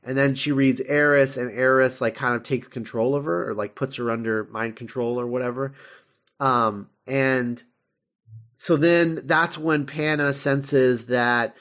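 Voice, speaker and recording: A man's voice: mid-range voice, fairly even intonation, a little slow, fairly bright tone. A man co-hosting a podcast, casually recapping an episode with lots of laughter and fillers. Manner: chatty, laughs often, many fillers while retelling. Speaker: podcast co-host.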